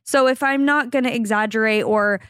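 A woman's voice: fairly high pitch, a little fast, fairly bright tone, smooth, dry recording, studio quality. A woman from Southern California co-hosting a podcast in casual chat, exaggerating her stories and imitating other people's voices. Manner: chatty, exaggerates stories and mimics her partner's voice. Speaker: podcast co-host.

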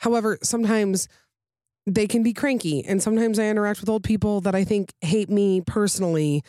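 Woman, podcast host, casual chatty delivery, mid pitch, dry recording. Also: fairly quick, dark tone, dry recording. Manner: chatty, lots of fillers and tangents. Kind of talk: casual chat reading listener stories.

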